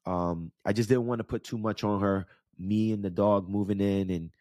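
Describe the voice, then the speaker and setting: Speaking at normal speed with fairly even intonation, this man has a fairly low pitch and a darkish tone, recorded in a studio with no echo. He's a thirtysomething podcast host and life coach from the New York / New Jersey area, candidly telling a personal story in a casual monologue and checking in with the listener.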